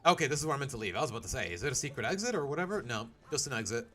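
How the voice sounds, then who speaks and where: Guy rambling over his gameplay, bright sharp voice, pitch jumping all over, a bit of game music in the back. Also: very animated, very fast. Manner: rambling, thinking aloud, self-mocking. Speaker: gaming streamer. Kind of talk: let's play commentary. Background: faint game music.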